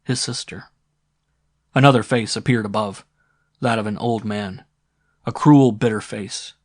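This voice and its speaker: Low-voiced male audiobook narrator. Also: steady tone, measured pace, dry recording, clean studio sound. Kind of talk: scripted narration.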